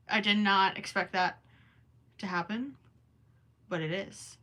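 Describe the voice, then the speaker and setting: A woman's voice: medium pitch, steady tone, measured pace, pauses often, pushed and bright. A young woman chatting casually on a crochet livestream, reading and answering viewers as she works. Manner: chatty and distracted, often stops to count stitches under her breath.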